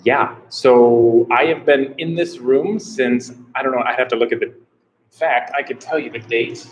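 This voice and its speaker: A man's voice: medium pitch, a little hiss or hum, low-quality recording. An American man chatting casually on a live stream from a small room, rambling and unsure, often repeating himself. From United States. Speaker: travel vlogger doing a live Q&A.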